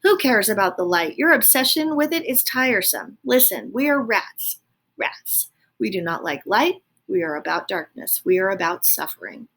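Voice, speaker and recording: A woman voicing a domineering male rat who lectures another rat, loud and insistent. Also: mid-range voice, sing-song, normal speed. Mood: scornful.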